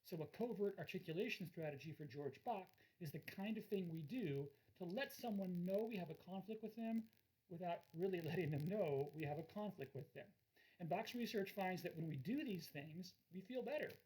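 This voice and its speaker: A man's voice: high-pitched, animated, normal speed, a little mellow, breathy edge, rough recording. A man lecturing in a recorded course, explaining ideas through everyday examples and acting out the quoted lines.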